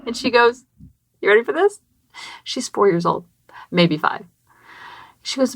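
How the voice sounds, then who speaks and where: Bright-voiced chatty mom podcaster. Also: female voice, a little high, a little slow, vocal fry, long pauses, dry recording. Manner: chatty and animated, acting out quotes, many "like" fillers. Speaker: parenting podcast host. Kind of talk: personal storytelling. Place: small closet. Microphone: podcast microphone.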